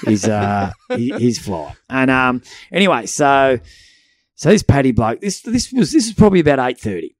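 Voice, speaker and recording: A man's voice: medium pitch, normal speed, no room sound, studio quality. An Australian man co-hosting a podcast, telling a story with lots of swearing and acted-out voices. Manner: animated, acts out voices in anecdotes, swears freely. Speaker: podcast co-host. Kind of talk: casual storytelling chat.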